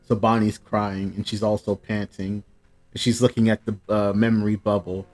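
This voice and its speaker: A man hosting a live manga reaction, reading dialogue aloud and breaking into excited high exclamations. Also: moderate pace, soft background music.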